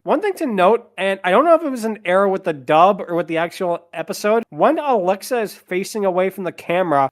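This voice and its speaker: Male podcast host, somewhat high voice, chatty recap style. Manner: chatty, summarizing scenes with side comments. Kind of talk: casual episode recap.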